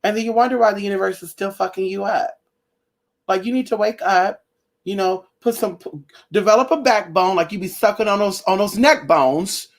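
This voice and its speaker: A young woman talks straight to her viewers in a casual vlog. She is blunt and profane, and she tells her stories with animation. Her voice sits at a middle pitch. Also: normal speed. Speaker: spiritual vlogger.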